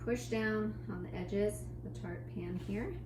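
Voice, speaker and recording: A woman's voice: mid-range voice, a little slow, reverberant, far from the mic, background noise. A woman hosting a baking demonstration, goofy and playful, joking and chatting to herself as she works in a kitchen. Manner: goofy, jokes and chats to herself while working. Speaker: baking show host.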